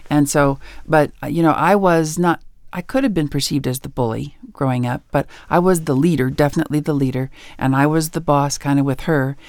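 A woman's voice: sits low, a little fast, hardly any pauses, no room sound, studio quality. A middle-aged woman, an author and educator, giving parenting advice in a radio interview and acting out bits of dialogue as she tells stories. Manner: animated storyteller who acts out dialogue.

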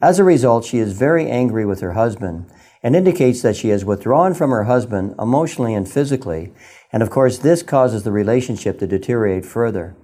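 A man's voice: medium pitch, expressive, brisk, mellow. A man reading a scripted radio spot, earnest and a little preachy. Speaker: radio guest giving financial advice.

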